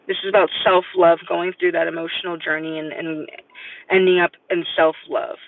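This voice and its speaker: A man's voice: fairly high pitch, flat delivery, normal speed, vocal fry. A man giving a live-stream tarot reading, rambling and hesitant with many fillers. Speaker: tarot reader. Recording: distant, tinny phone-like sound.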